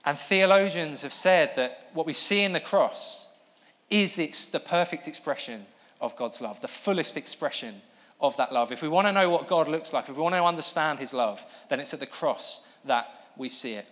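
A man's voice: fairly high pitch, lively intonation, normal speed, fairly bright tone. A man giving a sermon to a live audience, explaining earnestly and breaking off to ask for the next slide. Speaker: preacher. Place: church hall with an audience. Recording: long hall reverb.

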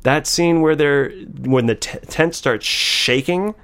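Excitable man chatting as podcast guest. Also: on the high side, takes it slowly, clear, resonant tone. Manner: animated, excitable, stumbling restarts. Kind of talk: casual podcast chat.

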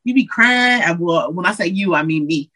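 A woman from Detroit, a Christian hip hop artist, chatting as a guest in an interview, lively and slangy, acting out what her friends say. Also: fairly low pitch, moderate pace, poor audio. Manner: animated, slangy, acts out quotes of friends. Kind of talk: casual interview chat.

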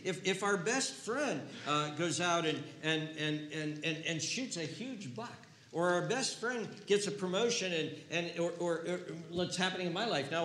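A man's voice: a little high, sharp tone, a little hiss or hum. An older man preaching a sermon as pastor, repeating words as he restarts and building to emphatic peaks. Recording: roomy echo with faint ambience.

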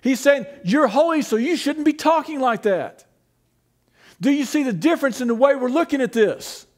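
A man's voice: very high-pitched, expressive, normal speed. A man preaching a sermon as pastor, conversational, asking rhetorical questions and teasing the congregation.

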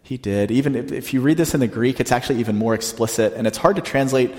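Male pastor preaching in a reverberant hall. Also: medium pitch. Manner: conversational preaching, slows down to stress quotes. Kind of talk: sermon.

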